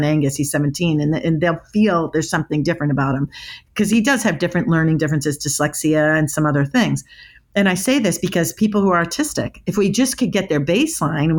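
Middle-aged female expert guest, slightly low pitch, animated and emphatic storyteller. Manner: emphatic, restarts words often. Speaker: body language expert guest.

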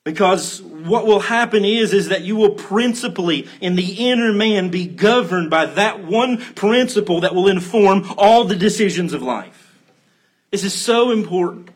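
A man preaching a sermon as pastor, earnest and emphatic, slowing down to stress key phrases. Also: high voice, lively intonation, breathy edge.

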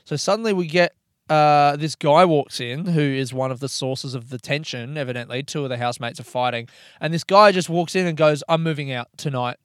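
A man's voice: a little high, a little fast, fairly bright tone, no room sound, studio quality. A young male comedian telling a story in a rambling, swearing, wry way, recording himself in a parked car. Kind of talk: casual storytelling monologue. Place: parked hire car by a road.

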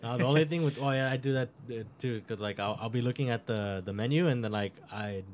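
A man's voice: mid-range voice, quick pace, slight background noise. A young man co-hosting a podcast, rambling with many fillers and laughs in casual chat. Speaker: podcast co-host.

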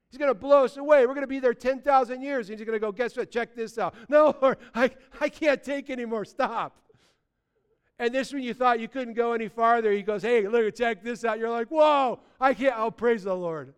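A man, preaching a sermon, animated, swinging between loud bursts and quiet asides. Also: high voice, clear, resonant tone. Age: 60s. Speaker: pastor.

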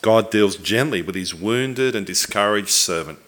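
Male preacher, low-ish voice with a bright, forceful edge; earnest, reflective delivery. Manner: earnest, reflective, with pauses and restarts. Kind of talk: sermon.

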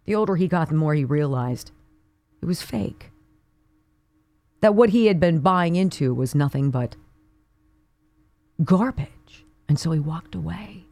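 A woman's voice: sits low, expressive, unhurried, long pauses, darkish tone, dry recording. A woman hosting a talk radio show, delivering an indignant opinion monologue full of rhetorical questions. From Pittsburgh area.

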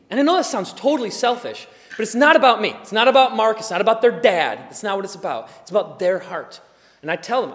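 A male pastor preaching a sermon in an animated, conversational way, shifting between loud emphasis and quiet asides. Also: high voice, fast talker. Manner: conversational, with occasional laughs and fillers. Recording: long hall reverb.

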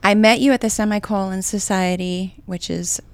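A woman hosting an interview, asking soft-spoken, encouraging questions. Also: medium pitch, steady tone, moderate pace, no room sound. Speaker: host.

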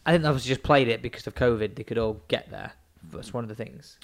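A man co-hosting a casual golf chat, animated and acting out scenes as he banters. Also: medium pitch, fast, creaky. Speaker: podcast co-host.

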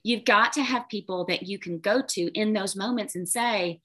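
Woman coach chatting in an interview, bright tone, acts out her inner voice. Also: mid-range voice, very animated, brisk, hardly any pauses, husky. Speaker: guest, business coach. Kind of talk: casual interview talk.

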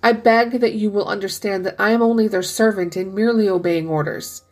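A woman voicing an uneasy male messenger who speaks low, measured and formal, with a breathy voice. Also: steady tone, lightly acted.

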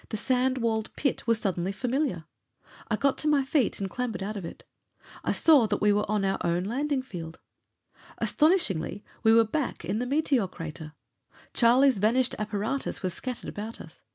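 A woman narrating a pulp adventure story for an audiobook in a measured, steady way. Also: fairly high pitch, gravelly, husky.

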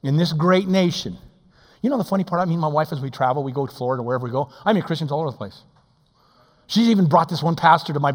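A man, preaching as assistant pastor, swinging between booming and hushed. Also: expressive, fast. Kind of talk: sermon. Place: church sanctuary. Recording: church hall reverb.

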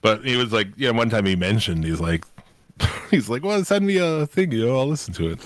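A man's voice: fairly low pitch, animated, a little fast, a bit bright, no echo. A middle-aged man hosting a podcast, rambling and swearing a lot, laughing as he goes. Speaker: podcast host. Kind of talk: casual chat.

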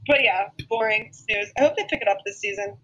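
A woman co-hosting a podcast in casual chat, dry and quick with quips. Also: mid-range voice, pushed and bright, slightly rough, lo-fi sound. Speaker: podcast co-host.

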